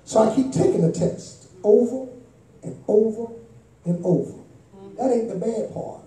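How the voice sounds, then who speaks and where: A man preaching a sermon in a church sanctuary, building from plain teaching to impassioned shouts in a call-and-response style. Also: high-pitched, unhurried. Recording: echoey church hall, voice from far off.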